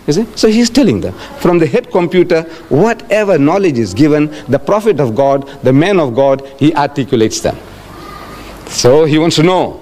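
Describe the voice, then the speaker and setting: With a slightly high, darkish voice full of big pitch swings, an older Islamic lecturer with a South African accent speaks at normal speed in a public religious lecture. He stresses points emphatically, repeats phrases, and acts out quotations.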